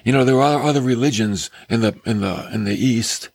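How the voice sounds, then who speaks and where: A man preaching a sermon in an earnest, exclamatory way, sometimes dropping to soft near-whispers. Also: mid-range voice, a little fast, creaky.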